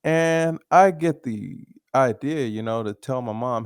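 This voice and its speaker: A man's voice: medium pitch, slow pace, few pauses, clean tone, dry recording, studio quality. A man hosting a podcast, telling casual stories alone, laughing often and swearing freely. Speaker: podcast host. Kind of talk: casual storytelling monologue.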